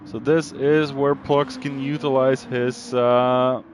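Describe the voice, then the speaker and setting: A man giving live commentary on a sim racing league, calling overtakes and getting excited, even shouting warnings at drivers. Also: medium pitch, slow pace, a little hiss or hum.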